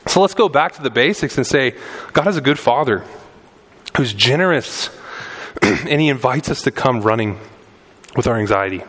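A man's voice: medium pitch, lively intonation, moderate pace, long pauses, a bit bright, breathy edge. A young adult man preaching a sermon as a pastor in a church, conversational and building in intensity on key points. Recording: long hall reverb.

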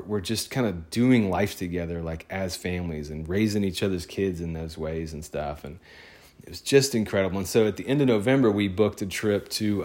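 Deep-voiced guy rambling through a story, chatty and excited. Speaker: photographer. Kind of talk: casual storytelling monologue.

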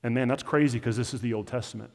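A man's voice: medium pitch, steady tone, fast. A man preaching a conversational sermon as pastor, often acting out quoted voices. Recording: long hall reverb.

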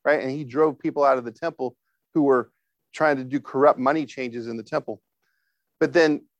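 Slightly high-voiced and recorded with no echo, this man preaches casually, stumbling into restarts and fillers while often calling for the congregation's response.

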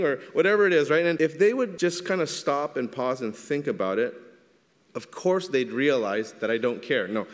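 Male pastor, mid-range voice, relaxed talky sermon delivery, reverberant sanctuary sound. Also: mid-range voice, moderate pace. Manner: conversational preaching, frequent "right?" asides. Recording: long reverb of a large hall.

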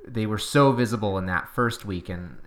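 A man co-hosting a casual cycling podcast, talking in halting bursts with frequent restarts and laughs. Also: on the low side. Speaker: podcast co-host.

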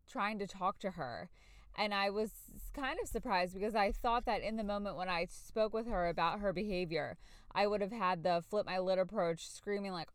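Candid woman with a smooth voice, dry close mic. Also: mid-range voice, no echo. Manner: candid, searching, with fillers and self-corrections. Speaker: podcast host, parent. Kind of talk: reflective personal podcast monologue.

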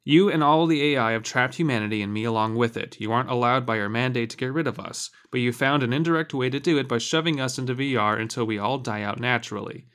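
A defiant young man trapped in a simulation, as a man reads him aloud, his voice angry and rising against his captors. His pitch sits in an ordinary middle range, and he talks like a storybook character pushing back. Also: fast, hardly any pauses, a bit bright, smooth, lightly acted.

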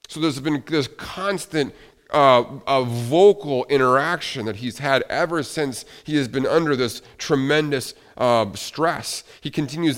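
A young adult man preaching a sermon as pastor, earnest, often repeating phrases and dropping to a quiet voice. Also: mid-range voice, unhurried.

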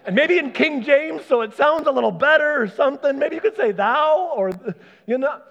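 High-pitched guy preaching a sermon, lots of energy, a bit muffled, quiet guitar in the back. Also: brisk, gravelly. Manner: animated, acts out quoted voices. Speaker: pastor.

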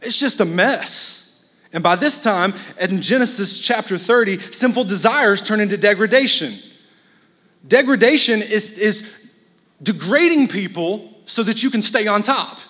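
A man with a high voice delivers a sermon as a guest preacher, casual and blunt with joking asides. His voice carries a long reverb from the hall. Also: expressive, measured pace, fairly bright tone.

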